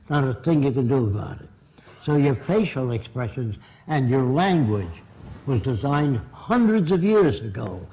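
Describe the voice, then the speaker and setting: Older man, emphatic seminar talk, blunt and plain, warm dark voice, seminar room. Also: medium pitch, low-quality recording. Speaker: seminar speaker. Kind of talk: lecture to a live audience.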